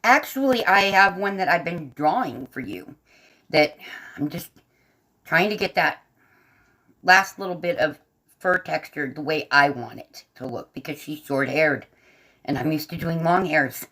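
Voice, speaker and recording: A chatty woman with a faint Southern American lilt hosts a casual livestream from her bed, coloring as she talks. Her voice sits fairly low and she laughs easily while answering the chat. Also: animated, unhurried, a bit bright. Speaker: livestream host and artist. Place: bedroom, propped up in bed.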